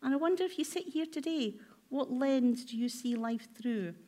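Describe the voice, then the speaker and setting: A woman's voice: high-pitched, animated, normal speed, warm tone. A woman therapist giving a workshop talk, asking her audience many reflective questions in a conversational way with filler ums.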